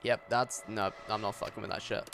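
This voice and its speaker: A man's voice: on the low side, little pitch movement, brisk, creaky, fairly bright tone, slight background noise. A man streaming a video game, rambling in a jokey, casual way and talking back to the game's narrator. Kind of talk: casual livestream commentary.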